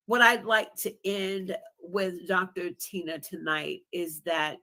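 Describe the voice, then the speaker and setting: A woman's voice: fairly low pitch, fairly even intonation, slow, sharp tone. A woman guest on a live stream, speaking in a heartfelt, emotional way. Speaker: guest podcaster. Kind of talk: casual live-stream chat.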